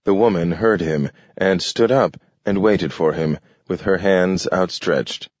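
Male audiobook narrator, very low and slow, measured and descriptive, dull audio. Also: darkish tone, dry recording. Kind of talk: scripted narration.

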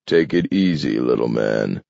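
A man doing a slow, taunting tough. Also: extremely low pitch, animated, creaky, darkish tone, no echo, muffled recording, pitched below the performer's own voice, full character voice. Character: calm, menacing, powerful man.

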